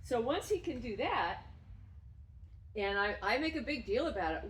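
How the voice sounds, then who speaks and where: A woman dog trainer explaining and demonstrating games with her dog, breaking into loud, effusive praise. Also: a little high, sing-song, moderate pace, pauses often, slight background noise. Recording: roomy sound from a distance.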